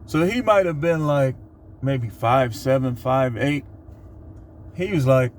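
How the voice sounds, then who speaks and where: Middle-aged dude telling a story all animated, faint car noise behind him. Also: male voice, mid-range voice, slow, long pauses. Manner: animated, laughs while telling. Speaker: vlogger. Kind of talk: casual storytelling monologue.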